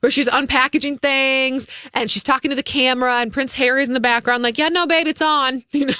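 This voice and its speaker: Bright chatty woman co-host. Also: high-pitched, steady tone, fairly quick, smooth, no echo, clean studio sound. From Minnesota. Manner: chatty, acts out quotes in voices. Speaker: radio show co-host. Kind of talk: casual entertainment gossip chat.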